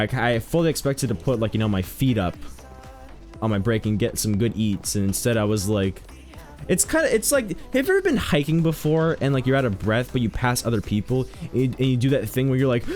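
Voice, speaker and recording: A man's voice: mid-range voice, a little fast, soft background music. A young man chatting casually while streaming a game, joking, rambling and telling stories to his chat. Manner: joking, rambling, animated storytelling.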